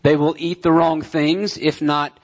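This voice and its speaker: Man preaching a measured sermon. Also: on the high side, level tone, darkish tone. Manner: measured, repeats key phrases for emphasis, frequent "uh" fillers. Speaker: pastor.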